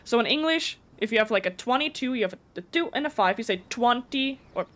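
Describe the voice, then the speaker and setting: A woman streamer whose first language is German, chatting casually with her viewers. Her voice sits a little higher than most, and she rushes her words, stumbling and restarting sentences as she goes. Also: lively intonation, fairly bright tone. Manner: talks fast, stutters and restarts. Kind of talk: casual live-stream chat.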